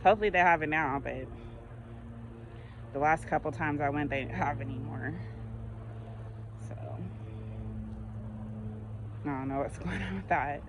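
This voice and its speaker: A woman's voice: low-pitched, moderate pace, pauses often, noisy background. A woman vlogger chatting casually while walking outdoors, rambling through her stories and laughing often. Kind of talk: casual chat.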